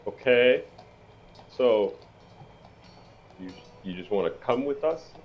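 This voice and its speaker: A man's voice: medium pitch, animated, slow pace, highs cut off. A man playing a tabletop game, blunt and joking. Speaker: player.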